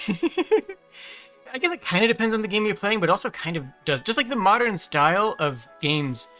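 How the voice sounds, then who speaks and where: A man's voice: high voice, big pitch swings, normal speed, sharp tone, soft background music. A man chatting as a guest, rambling and restarting his sentences. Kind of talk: casual chat.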